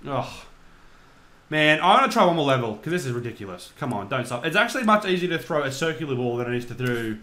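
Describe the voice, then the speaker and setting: A young man commentating on his own gameplay, excitable, swearing and shouting at the game. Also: on the high side, fast talker. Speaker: gaming channel host.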